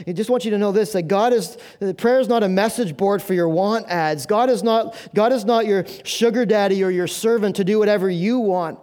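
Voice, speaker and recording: Man, pastor, high voice, earnest conversational sermon. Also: a little mellow. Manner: earnest, conversational preaching with rhetorical questions.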